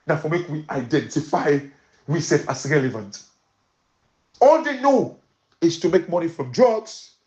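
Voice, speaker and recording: A man with a Sierra Leonean Krio accent hosting a commentary show, mixing pidgin and English and rallying listeners with repeated calls to action. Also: high voice. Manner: rallying, repetitive exhortations. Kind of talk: impassioned economic commentary.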